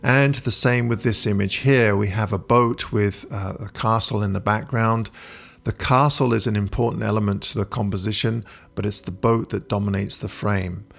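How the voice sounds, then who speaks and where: A man narrating a photography tutorial in a relaxed, explanatory way, pausing often with "uh". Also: fairly low pitch, vocal fry. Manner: relaxed, explanatory, with frequent "uh" pauses. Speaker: photography instructor. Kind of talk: voice-over tutorial.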